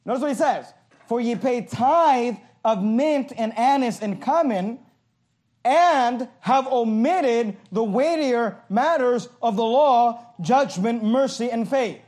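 A man preaching a passionate sermon, reading scripture slowly and emphatically and adding sarcastic asides. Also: very high-pitched, a little mellow. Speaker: pastor.

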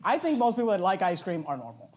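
Man, high voice, pastor, sermon, loud, animated, bursts of yelling. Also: fast, slight background noise. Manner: loud, animated storytelling from the pulpit.

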